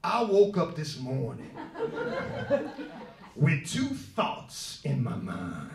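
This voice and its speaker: A man putting on the voice of a famous male movie star, dropping low and breathy, slow and smug. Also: wildly swooping pitch, crowd noise, heavily acted. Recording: echoey club from a distance. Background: audience laughter.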